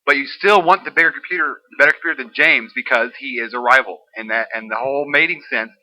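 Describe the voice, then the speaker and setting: Podcast cohost guy laying out his argument, talks fast, sharp bright voice. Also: medium pitch, rough recording. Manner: argumentative, explaining at length. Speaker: podcast co-host. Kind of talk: casual chat.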